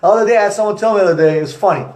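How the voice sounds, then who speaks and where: A young man, an entrepreneur, giving an energetic motivational talk to camera with repetitive, punchy phrasing. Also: high-pitched, racing. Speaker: entrepreneur vlogger. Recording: echoey room.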